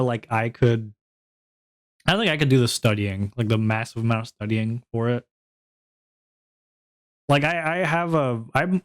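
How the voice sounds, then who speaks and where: Rambling, laughing male streamer. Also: mid-range voice. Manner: rambling and self-deprecating, laughs often. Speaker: VTuber streamer. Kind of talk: casual solo stream chat.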